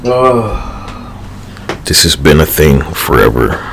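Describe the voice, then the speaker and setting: A man with an extremely deep, gravelly voice talks at an unhurried, dragging pace. He rambles through a livestream monologue, swearing and using slang, sighing and trailing off between thoughts. Faint traffic sounds sit in the background. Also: big pitch swings. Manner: meandering, profane, slangy, with frequent sighs and fillers.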